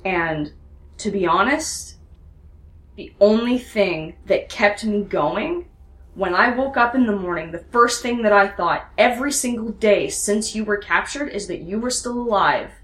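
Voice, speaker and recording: A woman voicing a hurt, fierce young woman rebel pilot in a tabletop role-play, earnest and pleading, with deliberate pauses, recorded in a roomy space. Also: medium pitch, animated, fairly bright tone. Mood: anguished. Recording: roomy echo.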